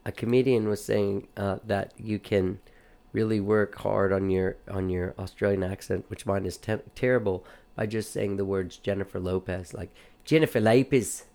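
A man's voice: lowish voice, level tone, moderate pace, vocal fry, warm tone. Joking man hosting a casual chat. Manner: joking, teasing. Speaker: podcast host.

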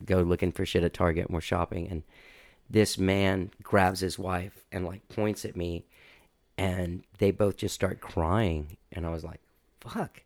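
A man talking candidly in a casual interview, rambling and making dark jokes. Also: deep voice, level tone, measured pace, no room sound, clean studio sound. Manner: candid, rambling, darkly joking. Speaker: musician guest.

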